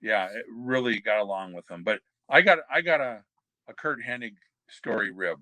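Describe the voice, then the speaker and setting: A man's voice: on the low side, animated, moderate pace, sharp tone, no echo. An older man, a former wrestler, telling backstage anecdotes as a podcast guest, rambling with many fillers and restarts. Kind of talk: anecdotal storytelling.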